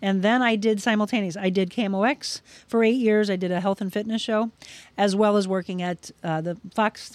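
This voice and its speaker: A woman's voice: mid-range voice, dry recording. Middle-aged woman from Missouri telling stories. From Missouri, USA. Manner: animated, acts out voices in her stories. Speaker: guest, broadcaster. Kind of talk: casual interview storytelling.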